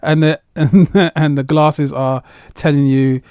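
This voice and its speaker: Male podcast co-host, agreeable and chatty, slightly raised pitch, dry mic. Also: fairly even intonation, takes it slowly, mellow, smooth, no room sound. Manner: chatty, agreeable, lots of "yeah". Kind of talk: casual chat.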